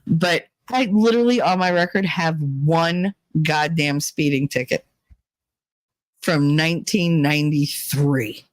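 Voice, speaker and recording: A middle-aged woman hosts a casual chat stream, telling candid, profane stories and acting out the people in them. She speaks in a low voice at an unhurried pace, with no room sound.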